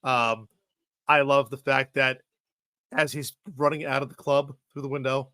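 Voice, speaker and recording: A man's voice: mid-range voice, level tone, measured pace, sharp tone, clean tone, dry recording. A man in a casual movie podcast chat, rambling through scenes and tagging lines with "right?". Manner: rambling, keeps asking "right?".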